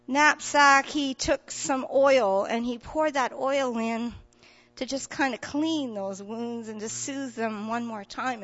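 High-voiced woman preaching with passion. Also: fairly bright tone, dull audio. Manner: retells a scripture story dramatically, voicing the characters; builds to impassioned, near-tearful pleading. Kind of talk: sermon.

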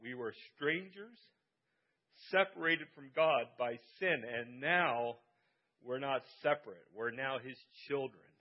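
A man's voice: medium pitch, lo-fi sound. A man preaching a Sunday sermon as pastor, speaking earnestly and repeating key phrases for emphasis. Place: church service.

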